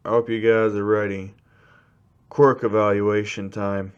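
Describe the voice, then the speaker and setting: A man voicing a stern, gruff male homeroom teacher who barks blunt orders. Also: on the low side, flat delivery, measured pace, dull audio, close to an everyday voice.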